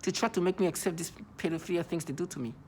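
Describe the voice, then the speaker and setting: A man's voice: high voice, very fast, a little hiss or hum. A man in his thirties delivering an agitated vlog monologue, repeating himself and stumbling over restarts. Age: 30s. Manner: agitated, repetitive, stammering restarts.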